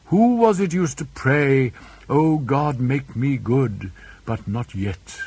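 A man puts on a whimsical young aristocratic student in a storybook reading, light and teasing with a petulant streak. The voice is husky, and the pitch sits in a middling register. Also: expressive, slow, darkish tone, no room sound, heavily acted.

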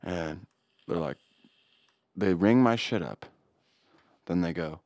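A man's voice: sits low, slow, long pauses, a little mellow, no echo, clean studio sound. A young man co-hosting a podcast, giving blunt opinions and cursing freely. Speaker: podcast co-host. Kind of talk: casual chat.

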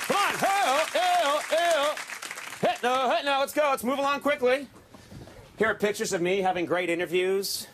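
A man with a high voice leads a comic backstage tour of a television studio. His tone is brisk and jokingly bossy. A loud crowd and busy ambience fill the background. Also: noisy background. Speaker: late-night talk show host.

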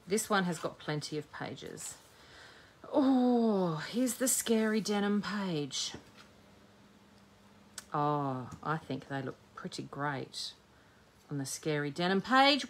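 A woman's voice: mid-range voice, very animated, takes it slowly, long pauses, a little hiss or hum. A woman hosting a live-streamed crafting demo, chatting cheekily with her viewers as she works. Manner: chatty, cheeky, talks while working. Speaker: scrapbooking host.

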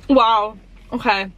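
A woman's voice: sits high, noisy background. A woman chatting casually to her viewers from inside a car, giggly and easily flustered. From Australia. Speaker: vlogger. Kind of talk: casual vlog. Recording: background music under the voice.

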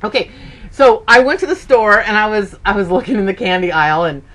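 A woman's voice: animated, brisk, a bit bright. A woman in her fifties telling stories in a casual, chatty way, with lots of "okay"s, and jumping her voice up for quoted lines. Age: 50s. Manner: acts out quoted voices with big pitch jumps. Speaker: sewing vlogger. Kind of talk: casual chat.

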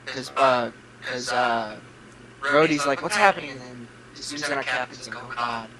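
A man's voice: mid-range voice, fairly even intonation, normal speed, a loud crowd, low-quality recording. A young man co-hosting a casual movie review, rambling, laughing and quoting scenes. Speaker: co-host. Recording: audible background noise.

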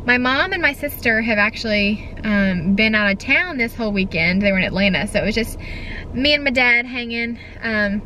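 A woman's voice: a little high, normal speed, a little hiss or hum, rough recording. Gushing young woman vlogging. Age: young adult. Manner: excitable, gushing, says "like" a lot. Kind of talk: casual vlog chat. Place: in and around a car, partly outdoors in wind.

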